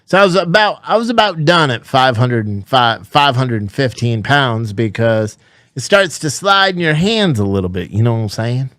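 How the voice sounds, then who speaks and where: A man telling a gym story in a put-on Southern accent, excited and profane. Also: medium pitch, normal speed, no echo, studio quality, pitched below the performer's own voice, lightly acted. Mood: amused. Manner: excited, profane, laughing, animated. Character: himself as a worked-up Southern gym guy. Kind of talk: comic storytelling.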